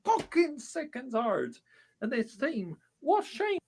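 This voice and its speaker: A man, a football fan vlogger giving an angry rant to camera, shouting and swearing heavily. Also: extremely high pitch, huge pitch swings, slow pace, husky. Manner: furious, shouting, heavy swearing.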